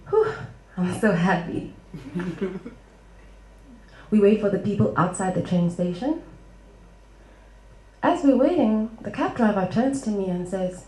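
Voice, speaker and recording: A woman telling a funny personal story live on stage, expressive and quick to laugh. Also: mid-range voice, roomy sound, rough recording. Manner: humorous, expressive, laughs often.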